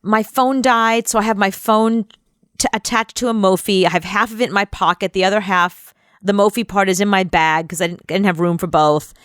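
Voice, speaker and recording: Woman, radio co-host, casual storytelling, rambling, animated, dry sound. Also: medium pitch, a little fast, clear, resonant tone, dry recording. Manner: animated, rambling anecdote with quoted voices.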